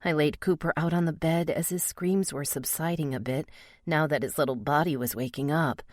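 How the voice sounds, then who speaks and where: Low-voiced female audiobook narrator. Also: moderate pace, no room sound, clean studio sound. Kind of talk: first-person romance audiobook narration.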